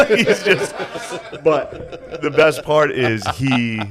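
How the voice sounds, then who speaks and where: A man's voice: on the high side, animated, extremely slow, a crowd in the background. A man co-hosting a podcast, trading laid-back jokes and laughing often in casual banter. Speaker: podcast co-host. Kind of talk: casual chat.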